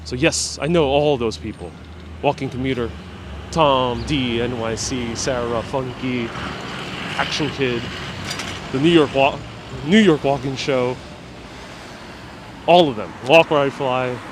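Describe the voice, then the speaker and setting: A man hosting a casual walking live stream outdoors on city streets, joking deadpan and reading out viewer comments on a clip-on mic. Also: mid-range voice, slow, pauses often, noisy background. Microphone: wireless clip-on mic while walking.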